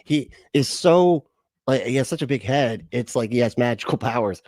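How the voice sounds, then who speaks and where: A man's voice: medium pitch, lively intonation, normal speed, darkish tone, no room sound. Male reaction streamer, sarcastic, laughs a lot, dry close-mic sound. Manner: sarcastic, laughs often, puts on silly voices. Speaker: livestream reaction host. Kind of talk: casual mocking commentary.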